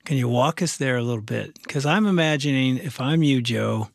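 A man hosting an interview, asking gentle, probing questions of his guests. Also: medium pitch, moderate pace, vocal fry, no room sound, studio quality. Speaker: interview host. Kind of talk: faith interview.

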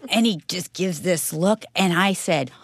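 A woman, a co-host telling a story in conversation, lively and expressive. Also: fairly low pitch, unhurried, dry recording.

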